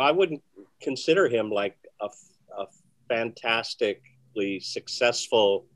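A man who is a magician, telling stories in an interview with a rambling, conversational manner full of fillers and restarts. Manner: often soft and low, with lively bursts. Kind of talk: casual interview storytelling.

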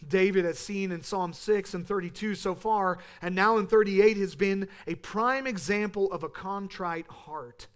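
A man in his thirties preaching a sermon, earnest, rising to emphatic peaks and falling back to quiet. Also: high voice, normal speed, few pauses, clear, resonant tone. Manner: earnest, building to emphatic peaks then dropping soft.

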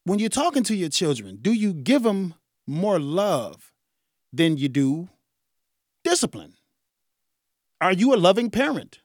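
A man in his forties hosting a radio talk show, speaking in a casual, animated way with frequent chuckles. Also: sits high, a little slow, long pauses, no echo, studio quality. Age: 40s. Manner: animated, conversational, chuckles often. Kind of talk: solo talk radio monologue.

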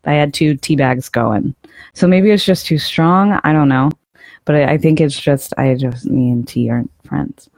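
A woman's voice: low voice, moderate pace, darkish tone, dry recording. A young adult woman co-hosting a podcast, chatty and self-deprecating, laughing easily. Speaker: podcast co-host. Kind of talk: casual podcast chat.

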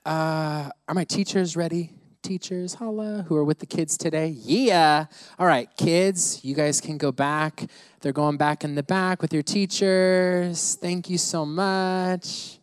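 A man's voice: fairly high pitch, fairly even intonation, slow pace, smooth, dry recording. Playful pastor, man, dry sound. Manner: playful, laughing asides. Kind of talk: sermon. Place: church service.

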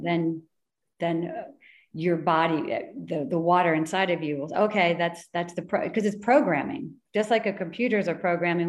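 A woman's voice: low-pitched, a little mellow, roomy sound. A woman hosting a casual chat, talking eagerly with many restarts. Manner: chatty, restarts and hedges a lot. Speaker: host.

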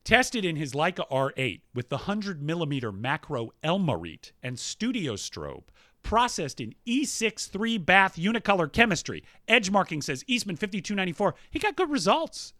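A man in his thirties co-hosts a podcast, reading out listener emails and riffing on them at a quick clip. His voice sits a bit high and bright, with lively swings in pitch, recorded dry and close. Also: no echo. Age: 30s. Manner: quick-talking, animated, reads emails aloud with quips. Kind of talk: casual podcast chat.

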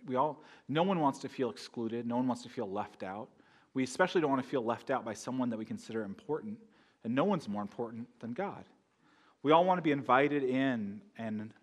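A man preaching a sermon in a conversational way, often asking the congregation questions. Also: medium pitch. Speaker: pastor.

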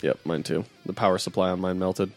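A man co-hosting a casual podcast chat, enthusiastic and quick to laugh. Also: deep voice, fairly even intonation, soft background music.

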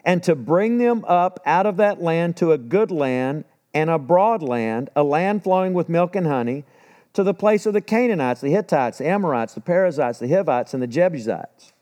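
A man's voice: on the high side, animated, normal speed, a little mellow. A man preaching a sermon, retelling scripture casually and acting out the dialogue.

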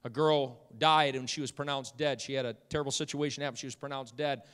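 A male preacher delivering a sermon, swinging from hushed storytelling to loud, fervent shouting. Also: medium pitch, steady tone, fast talker, clean tone. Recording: long hall reverb.

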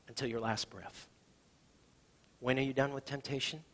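A husky middle-aged man preaches to his congregation. His voice carries a long reverb from a large hall, and he tells stories with sudden swings between soft and loud. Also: mid-range voice, steady tone, normal speed. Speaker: pastor. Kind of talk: sermon.

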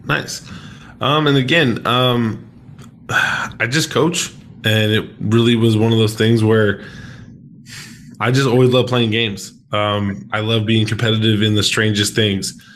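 A man's voice: lowish voice, steady tone, takes it slowly, long pauses, fairly bright tone, a little hiss or hum. Upbeat man hosting a podcast chat. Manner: upbeat and playful, with hesitant fillers. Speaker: podcast host and sports coach.

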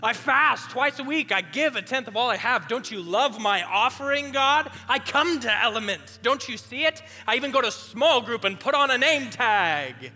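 A man putting on a loud, smug Pharisee. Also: very high voice, lively intonation, moderate pace, few pauses, big-room sound, faint music behind, pitched above the performer's own voice, heavily acted. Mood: smug boasting. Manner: loud, preening, mocking. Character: smug boastful self-righteous Pharisee man.

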